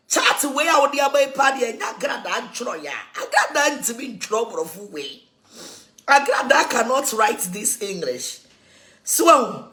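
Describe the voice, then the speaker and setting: A Ghanaian woman rants with mocking energy, laughing between sentences and jumping between languages. Her voice sits fairly high and swings widely in pitch. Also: a bit bright. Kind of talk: animated mocking rant.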